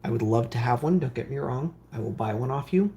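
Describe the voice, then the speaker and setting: A man's voice: mid-range voice, animated, a little fast, dark tone. A man hosting a live stream from his workbench, reading viewer comments aloud and answering them in a rambling way with lots of fillers. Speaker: streamer building game consoles. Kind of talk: casual live-stream chat.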